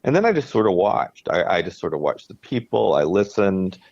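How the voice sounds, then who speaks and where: A man's voice: sits low, very animated, normal speed, darkish tone, breathy edge, no echo. A man co-hosting a podcast, talking in an earnest, reflective way and often restarting his sentences. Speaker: podcast co-host. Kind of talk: casual chat. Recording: dry, dull lo-fi sound.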